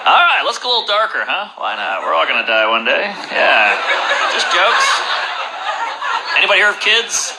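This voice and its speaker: A man performing a stand-up comedy set with deadpan dark one-liners and questions to the crowd, on a club stage. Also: on the high side, normal speed. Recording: loud background noise.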